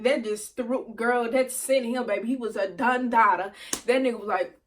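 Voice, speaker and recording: Young woman vlogger, slightly high voice, animated and profane, mic a little distant. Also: a little fast, slight background noise. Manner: animated, profane, laughs often, addresses viewers. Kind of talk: storytime vlog.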